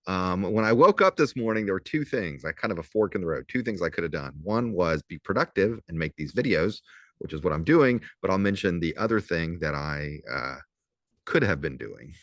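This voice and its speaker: A low-pitched man in his fifties with a faint Southern accent talks his students through a casual recorded lecture. He is chatty and wry, slowing right down to spell words out. The sound is dry and close. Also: animated, fairly bright tone, no room sound. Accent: slight Southern US. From southern Louisiana. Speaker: professor.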